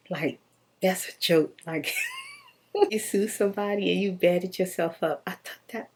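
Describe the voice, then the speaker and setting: A woman casually telling a personal story in an animated, slangy way, laughing often. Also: mid-range voice, husky.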